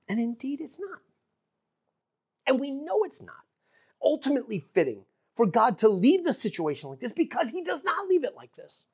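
A woman preaching a sermon in an earnest, emphatic way, dropping to hushed asides for effect. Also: fairly high pitch, slightly rough.

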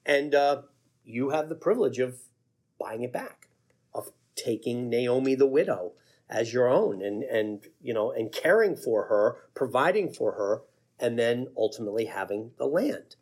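A male pastor voicing a slick man making a sales pitch in a breezy, salesman-like way. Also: animated, unhurried, darkish tone, breathy edge. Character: slick, smooth-talking man closing a deal.

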